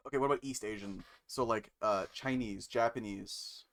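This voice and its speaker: A man streaming live, reading code aloud and musing to chat with many pauses and fillers. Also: fairly low pitch. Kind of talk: casual live-stream chat while coding.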